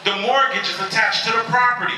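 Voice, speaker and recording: A man's voice: high voice, fairly even intonation, quick pace, pushed and bright, soft background music, voice pushed up. A man voicing a polite female bank representative who explains apologetically. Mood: apologetic. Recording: echoey convention hall from far off.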